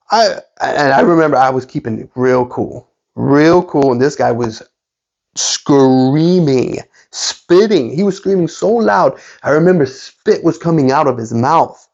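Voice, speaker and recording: Animated man telling a story. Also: fairly high pitch, measured pace, dull audio. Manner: animated retelling, frequent fillers and restarts. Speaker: sports card collector and channel host. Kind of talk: casual storytelling.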